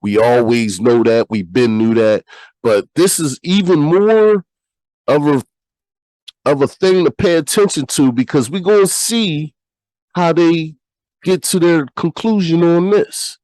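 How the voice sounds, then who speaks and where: A sick American podcast host with a nasal, stuffy voice, talking bluntly and reading news aloud. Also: male voice, on the high side, a little slow, a little mellow, dry recording, low-quality recording. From United States. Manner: blunt, repeats himself, swears freely.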